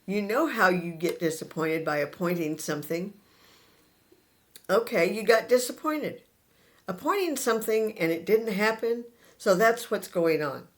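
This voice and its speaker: A man giving a spiritual talk to an audience. He speaks to the listeners directly and earnestly, pausing between short phrases and repeating his key points. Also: high-pitched, expressive. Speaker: spiritual teacher.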